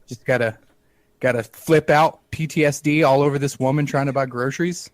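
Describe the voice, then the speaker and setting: A man co-hosting a podcast, telling a comic story in a wry, animated way and acting out the dialogue. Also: mid-range voice, moderate pace, no echo. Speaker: podcast co-host.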